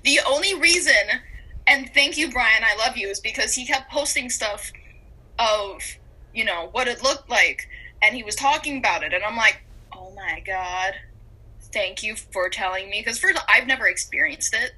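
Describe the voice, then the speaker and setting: Young woman co-host, excitable and giggly, bright tone, slightly husky. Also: fairly high pitch, normal speed, poor audio. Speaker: podcast co-host. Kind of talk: casual chat.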